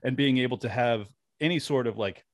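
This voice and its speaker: A man's voice: medium pitch, brisk, no room sound. A young man, a podcast guest, chatting casually and telling stories with animation and frequent laughs. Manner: animated storyteller, laughs often. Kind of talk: casual interview chat.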